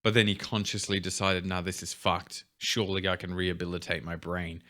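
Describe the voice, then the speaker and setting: A young man with a fairly low voice and a bright, forceful edge chats casually. He explains in loose run-on sentences and drops short reactions while his co-host talks. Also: level tone, brisk. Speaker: podcast co-host. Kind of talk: casual chat.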